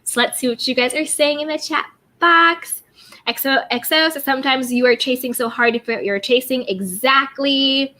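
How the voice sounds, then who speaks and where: Bright upbeat woman streaming a pep talk. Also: sits high, moderate pace. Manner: upbeat, repeats affirmations, greets viewers warmly. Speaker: livestream host reading chat. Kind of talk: casual self-care pep talk.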